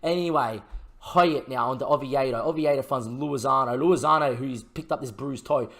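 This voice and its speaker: A young man commentating his own football management game in a casual, chatty way, getting loud and excited at big chances. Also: mid-range voice, normal speed. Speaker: gaming YouTuber.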